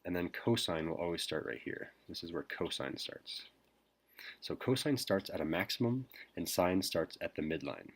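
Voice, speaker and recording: A man teacher whispering a recorded math lesson, hesitant with frequent pauses. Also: sits low, animated, husky. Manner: whispering softly; hesitant, many ums.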